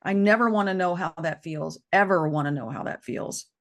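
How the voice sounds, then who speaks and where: Halting, gravelly-voiced woman sharing grief. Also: lowish voice. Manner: halting, repeats herself. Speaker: co-host. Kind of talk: emotional personal conversation.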